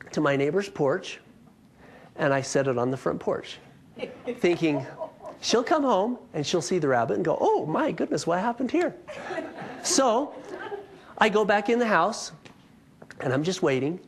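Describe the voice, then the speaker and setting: A man's voice: fairly high pitch, slight background noise. A man in his thirties giving a health workshop talk, telling a story with self-mocking humor before moving on to teaching.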